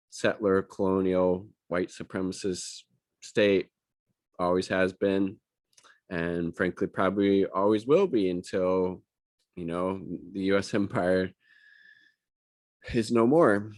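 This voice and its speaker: A man's voice: sits low, darkish tone, no room sound. A man reading news items aloud and giving angry, profane, sarcastic commentary on them. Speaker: political commentator.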